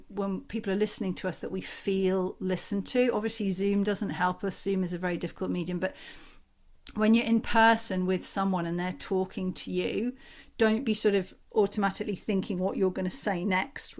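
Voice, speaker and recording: A woman from the north of England with a Northern English accent, a communication coach giving an expressive, conversational workshop talk over a video call. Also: mid-range voice. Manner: expressive, conversational, acts out examples.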